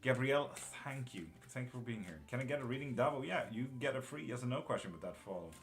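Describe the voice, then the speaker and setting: Talking fast with lively intonation in a mid-range voice, this man does live tarot readings and chats casually with his stream. He's blunt, uses viewers' names, and swears from time to time.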